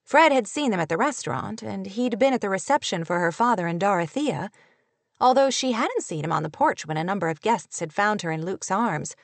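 A woman narrating a novel audiobook in a measured, even storytelling manner, recorded on a close studio mic. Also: medium pitch, gravelly, dry recording. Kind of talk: scripted narration.

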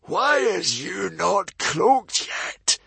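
A hissing, gravelly hairy librarian. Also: male voice, high voice, very animated, sharp tone, no room sound, pitched above the performer's own voice, exaggerated voice. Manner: hissing, slow, mangled grammar. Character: hairy scary male librarian, menacing swordsman.

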